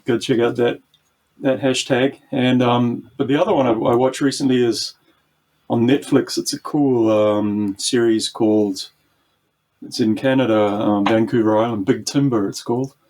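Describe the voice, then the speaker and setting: A man's voice: mid-range voice, steady tone, moderate pace, darkish tone. A man with a New Zealand accent, chatting casually as a podcast guest, with many ums and restarts. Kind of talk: casual chat.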